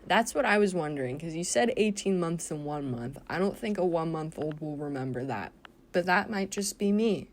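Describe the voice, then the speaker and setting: A woman's voice: low voice, expressive, normal speed, a little hiss or hum. A woman giving casual, indignant commentary full of fillers while she draws for her channel. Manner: chatty, indignant, with frequent fillers. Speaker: art YouTuber.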